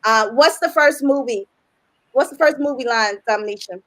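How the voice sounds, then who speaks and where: A woman hosts a relaxed livestream from a video call, chatting, joking and laughing easily. Her voice sits high. She rolls from banter into game rules and prize details without stiffness. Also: moderate pace, a little hiss or hum, poor audio. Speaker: host and publisher. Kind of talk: casual livestream hosting.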